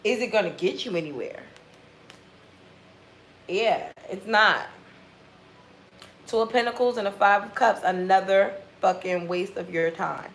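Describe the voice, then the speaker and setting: A woman's voice: medium pitch, measured pace, long pauses, reverberant, a little hiss or hum, rough recording. Blunt, profane woman reading tarot. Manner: blunt, profane, animated commentary. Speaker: tarot reader.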